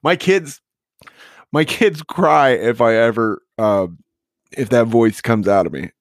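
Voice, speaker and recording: A man's voice: medium pitch, takes it slowly, dry recording, studio quality. A man hosting a podcast in casual chat, laid-back and profane, laughing easily. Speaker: podcast host.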